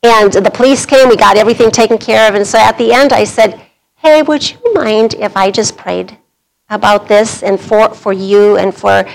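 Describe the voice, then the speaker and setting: A woman's voice: medium pitch, moderate pace, vocal fry, low-quality recording. Laughing woman preacher. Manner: conversational, laughing through anecdotes. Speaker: women's ministry speaker. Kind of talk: sermon with personal story.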